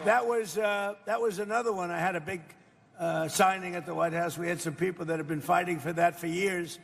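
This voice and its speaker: A man's voice: high-pitched, steady tone, a little fast, vocal fry, a bit bright, a little hiss or hum. An older man giving a rambling, boastful off-the-cuff speech at a live event, often asking the crowd questions. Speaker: political speaker. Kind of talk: off-the-cuff campaign-style speech. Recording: reverberant hall with faint background ambience.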